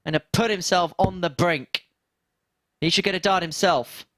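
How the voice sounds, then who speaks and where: A male darts commentator with a fairly high voice, recorded close and dry with no room sound. He calls the scores and finishes in steady play-by-play, with dry asides between throws. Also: moderate pace, no room sound. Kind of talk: live sports commentary.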